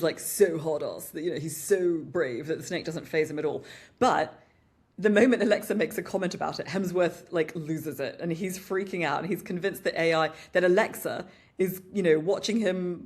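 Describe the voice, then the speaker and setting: A British woman co-hosting a podcast, chatting casually and with animation about advertising, often saying "you know". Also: lowish voice. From Britain. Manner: animated, upbeat commentary with frequent "you know". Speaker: podcast co-host. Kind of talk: casual marketing discussion.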